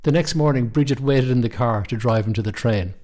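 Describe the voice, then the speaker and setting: A middle-aged man, reading a short story aloud in a calm, measured way. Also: medium pitch. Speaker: narrator.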